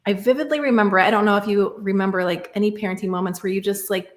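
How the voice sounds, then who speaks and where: A woman's voice: medium pitch, fairly even intonation, quick pace, echoey room. A woman in her thirties, a podcast guest talking through a personal story in a reflective, casual way, often saying "like" and "right?". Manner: reflective, many fillers like "like" and "right?".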